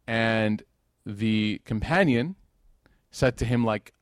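A man's voice: on the low side, brisk, dry recording, clean studio sound. A man giving an informal sermon at a religious gathering, talking conversationally with joking asides and growing emotional over scripture.

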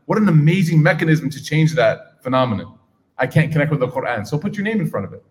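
A man's voice: fairly high pitch, expressive, quick pace. A man teaching a class on scripture, casual and engaging, asking his audience questions. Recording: reverberant hall.

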